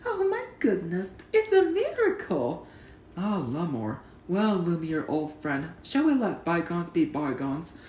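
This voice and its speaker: A man's voice: high-pitched, wildly swooping pitch, a little slow, a little mellow, reverberant, a little hiss or hum. A man reciting memorized film lines and trivia, earnest and proud, at home. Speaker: channel host.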